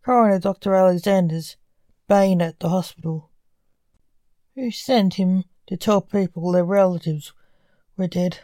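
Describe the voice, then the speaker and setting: A woman voicing a breezy, offhand male hospital orderly on the phone, in a mellow voice. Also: lowish voice, fairly even intonation, measured pace, pauses often, dry recording, lightly acted.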